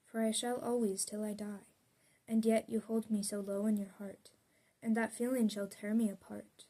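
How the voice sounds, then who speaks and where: A woman's voice: medium pitch, level tone, normal speed, mellow, breathy edge. Young woman reading her own poems. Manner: earnest, confessional delivery. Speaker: poet.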